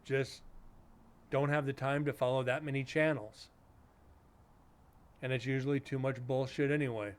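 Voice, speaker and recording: A male streamer talking casually to his chat, blunt and sarcastic, cursing often. His voice sits at an ordinary middle pitch for a man. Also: steady tone, moderate pace, pauses often, clear, resonant tone. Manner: blunt, sarcastic, swears freely.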